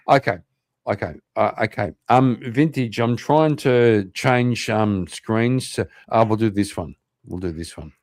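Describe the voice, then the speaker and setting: A man with an Irish accent hosting an online interview show, chatting casually, animated and swearing freely. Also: fairly low pitch, slow pace, no room sound, studio quality. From Ireland. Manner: animated, swears a lot, laughs often. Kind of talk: casual livestream chat.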